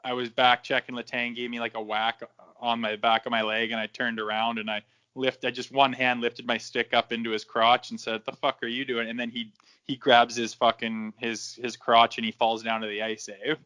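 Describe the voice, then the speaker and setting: A man's voice: mid-range voice, level tone, moderate pace, sharp tone, smooth. A man in his thirties, a former hockey enforcer, swearing freely and acting out the dialogue while telling stories as a podcast guest. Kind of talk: casual storytelling in a podcast interview.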